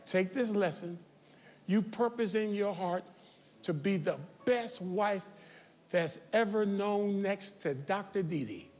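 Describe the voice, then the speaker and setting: A man preaching a sermon as pastor, talking straight to his congregation and building to shouted, confrontational calls. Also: sits high, slow. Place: large church sanctuary. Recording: reverberant church sanctuary.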